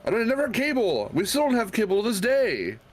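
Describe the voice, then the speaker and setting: A man's voice: high voice, wildly swooping pitch, fast. A male streamer in casual chat who thinks aloud, rambles and swears freely.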